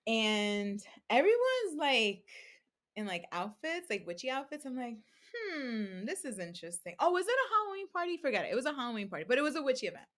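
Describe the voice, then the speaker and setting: A woman's voice: a little high, a little fast. A young adult woman, a podcast guest, telling her story in casual interview talk, full of "like" and acting out what people said. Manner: animated, acts out quoted speech, many fillers like "like". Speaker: podcast guest, crystal seller.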